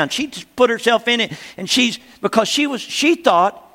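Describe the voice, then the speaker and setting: A very high-pitched, pushed and bright voice belongs to an older man, a pastor giving a teaching sermon at a moderate pace. He is animated and emphatic, repeating phrases and often calling on the congregation for an amen. The recording carries a long hall reverb.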